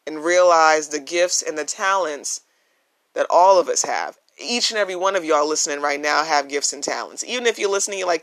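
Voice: mid-range voice, a little fast, fairly bright tone. Earnest podcast host on a phone. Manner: earnest and emphatic, repeats key phrases. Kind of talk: casual solo podcast monologue. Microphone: phone, no microphone.

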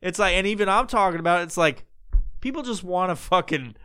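A man's voice: high voice, lively intonation, a little fast, pushed and bright, clean tone, dry recording, clean studio sound. A man hosting a podcast, talking in a loose, rambling way with lots of swearing and restarts. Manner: loose and profane, full of fillers and restarts. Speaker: podcast host. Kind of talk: casual rambling monologue.

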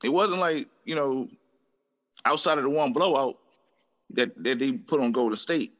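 A man's voice: mid-range voice, moderate pace, fairly bright tone, lo-fi sound. A man on a casual sports podcast who rambles and halts, leaning on "you know". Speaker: podcast guest.

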